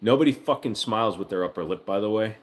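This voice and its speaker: A man's voice: on the low side, quick pace. A man hosting a casual livestream from home, joking with profanity and cooing baby talk to his dog. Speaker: livestream host.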